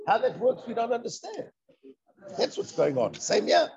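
A man giving a lively Torah lecture, firing rhetorical questions and answering them himself. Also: very high-pitched, normal speed, creaky. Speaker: Torah teacher. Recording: dull lo-fi recording.

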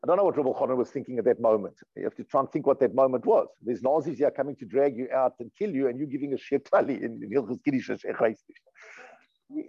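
A man's voice: medium pitch, quick pace, breathy edge, no room sound, muffled recording. A man teaching a religious lesson, reading passages aloud and translating them, earnest and emphatic, often repeating and restarting his words. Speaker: rabbi teaching a class. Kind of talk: storytelling lesson, reading and translating Hebrew text.

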